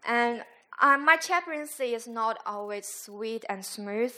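A woman school chaplain giving an earnest, halting church testimony, sometimes searching for her words. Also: on the high side, expressive, pushed and bright.

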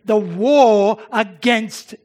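A man delivers a sermon on a Bible passage, taking it slowly and deliberately. His voice sits high for a man. He often restarts his phrases and breaks into the voices of the people he quotes. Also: darkish tone. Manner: expository preaching with frequent restarts, acting out quoted voices. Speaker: preacher.

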